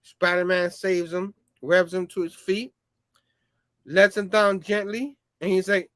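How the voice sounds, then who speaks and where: A man with a high voice hosts a casual comic book review, rambling through the plot with lots of fillers and hummed sound effects. His voice sounds dry and close to the mic. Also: fairly even intonation, a little slow, fairly bright tone, dry recording.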